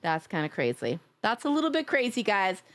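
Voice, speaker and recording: A woman's voice: medium pitch, very animated, fairly quick. A woman live-streaming, chatting casually with her viewers, gushing and playful as she reads chat aloud.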